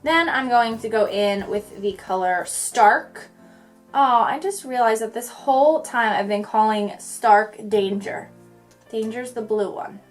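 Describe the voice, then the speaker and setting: Fast-talking bubbly young woman vlogger. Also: on the high side, soft background music. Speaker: beauty vlogger. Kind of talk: chatty makeup tutorial talk-through.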